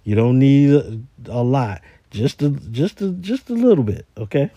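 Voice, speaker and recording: A man's voice: mid-range voice, big pitch swings, moderate pace, mellow, breathy edge, no room sound, highs cut off. A man who works in a store, telling a rambling story in a casual voice message, with many repeated words. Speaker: retail store worker.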